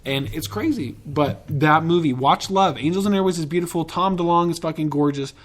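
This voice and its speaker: A man's voice: a little high, brisk, a crowd in the background. A man hosting a podcast in a casual, rambling and profane way, with enthusiastic tangents. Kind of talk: casual chat.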